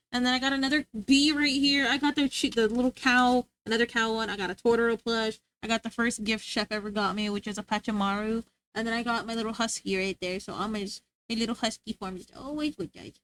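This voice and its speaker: A woman livestreaming and chatting with her viewers in a playful, rambling way, tripping over her words and restarting sentences. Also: pushed and bright. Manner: high sing-song voice when scolding her dog. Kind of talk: casual stream chat.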